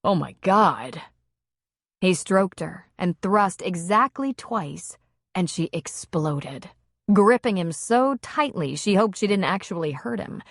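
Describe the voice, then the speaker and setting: Slow, lively woman audiobook narrator. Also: on the low side, no room sound, studio quality. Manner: slow, measured reading. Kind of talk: scripted narration.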